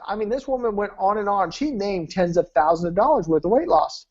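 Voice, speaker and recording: A man's voice: high-pitched, lively intonation, a little fast, hardly any pauses, darkish tone. A man tells success stories to sell his weight-loss program, hammering his points with emphatic repetition. He speaks over a video call. The audio sounds dull and lo-fi. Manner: emphatic, repetitive preacher-like delivery. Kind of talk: storytelling sales talk.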